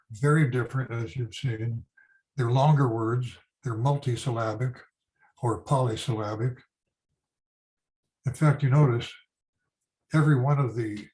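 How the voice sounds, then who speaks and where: An older man giving an informal history lecture, halting with many fillers and restarts as he explains. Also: medium pitch, darkish tone, low-quality recording. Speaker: history teacher.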